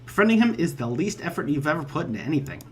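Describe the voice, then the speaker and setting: A man's voice: fairly high pitch, big pitch swings, racing, a little mellow. A man hosting a let's play, reading a visual novel aloud and adding wry, joking asides.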